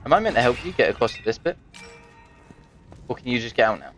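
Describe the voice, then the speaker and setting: A man playing a co-op game and chatting casually, quick to laugh and protest. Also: mid-range voice, big pitch swings, fairly bright tone. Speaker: co-op game player. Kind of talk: casual gaming chat. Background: game music and sounds.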